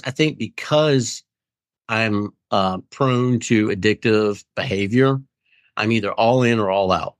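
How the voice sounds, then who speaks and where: A man's voice: fairly low pitch, fairly bright tone, no room sound, studio quality. A middle-aged man speaking candidly as an interview guest, earnest and rambling, often acting out friends' voices. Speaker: guest in recovery.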